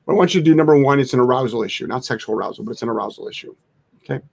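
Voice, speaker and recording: A man who trains dogs, answering live chat questions bluntly, swearing freely and mocking soft owners in a sing-song voice. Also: mid-range voice, racing, vocal fry, husky. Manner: blunt, profane, animated, mocks in a sing-song voice. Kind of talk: casual live Q&A.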